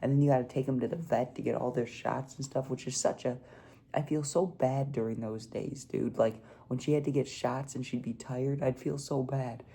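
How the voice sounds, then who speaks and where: Gravelly laid-back young man telling a story. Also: medium pitch, fairly even intonation, normal speed, dark tone. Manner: laid-back, peppers talk with "dude" and "like". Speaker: vlogger. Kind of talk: casual storytime vlog.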